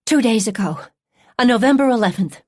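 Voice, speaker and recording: A frantic, tearful wife pours out her questions in a raised, rushing voice that climbs higher as she pleads. A woman narrating the audiobook puts her on. The read is dry and close, with no room sound. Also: animated, no echo. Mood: distraught. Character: distraught sobbing wife, middle-aged woman.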